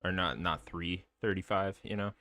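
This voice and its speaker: A low-pitched man, speaking at normal speed, co-hosts a podcast and tells stories in casual chat, animated, laughing a lot and swearing freely. The recording is dry.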